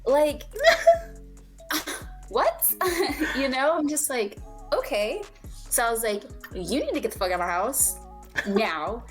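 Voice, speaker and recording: A woman's voice: a little high, animated, normal speed, fairly bright tone, faint music behind. Candid young woman telling a story. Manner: candid, swears freely, acts out quoted dialogue. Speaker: podcast co-host. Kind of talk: casual storytelling chat.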